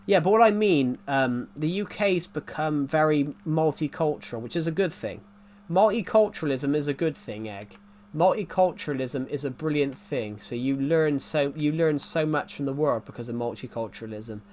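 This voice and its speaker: A man's voice: fairly high pitch, expressive, moderate pace, few pauses, a little mellow, a little hiss or hum. A young man with an English working-class accent from a former mining area, chatting casually on a livestream, rambling, restarting sentences and answering chat. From England.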